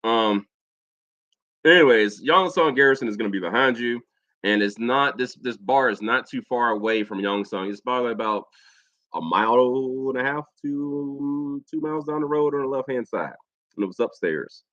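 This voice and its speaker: A man's voice: medium pitch, lively intonation, normal speed, pushed and bright, no echo, lo-fi sound. An American man and Air Force veteran telling a profane personal story in a casual vlog monologue, mimicking other people's lines as he goes. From United States.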